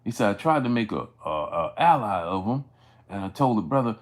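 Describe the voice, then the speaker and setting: A man's voice: lowish voice, very animated, fairly quick. Rambling male livestream host. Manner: rambling, heavy on fillers and restarts; greets live chat viewers by name mid-story. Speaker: sports channel host. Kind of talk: casual livestream storytelling.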